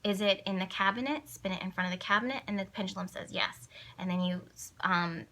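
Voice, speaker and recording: A woman's voice: medium pitch, brisk, sharp tone. A young woman vlogging casually to camera, telling stories in a chatty way with many fillers and restarts. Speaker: spiritual vlogger. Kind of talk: casual talking-to-camera vlog.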